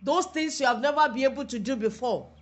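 A man's voice: extremely high pitch, fast, a bit bright. A man co-leading a sermon, giving short, encouraging affirmations and exhortations. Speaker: co-minister.

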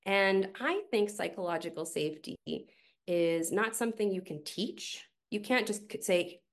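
A middle-aged woman, a team coach, talking as a guest in a podcast interview, telling stories in an animated way with casual fillers. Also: medium pitch, normal speed.

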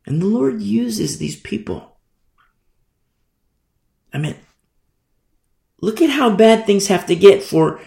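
A man's voice: on the high side, animated, slow pace, vocal fry, pauses often, a little mellow, roomy sound. A man preaching a sermon as a pastor, emphatic and conversational, driving points home through repetition.

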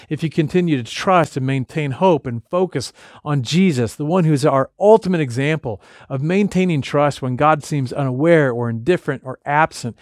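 A man's voice: on the high side, normal speed, no echo, studio quality. A man preaching a sermon in a conversational way, retelling scripture and voicing the lines of the people in it. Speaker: pastor.

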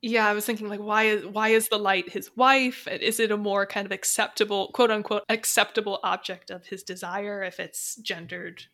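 A woman with a bright, clear voice talks casually about a film. She thinks aloud and poses questions to the others. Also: medium pitch, fairly even intonation, normal speed, hardly any pauses.

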